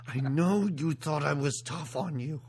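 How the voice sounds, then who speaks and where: A podcast host putting on a grave, middle-aged father's voice, speaking slowly and earnestly while recapping a movie scene. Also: medium pitch, darkish tone, breathy edge, voice pushed down.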